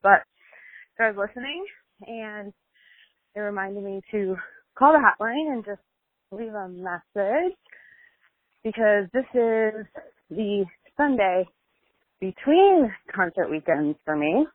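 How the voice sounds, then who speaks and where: A woman's voice: medium pitch, lively intonation, slow pace, long pauses, dry recording. A woman leaving a chatty, upbeat voicemail while walking a dog outdoors, out of breath. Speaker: caller to a podcast hotline. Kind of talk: voicemail message. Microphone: phone. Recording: tinny phone line.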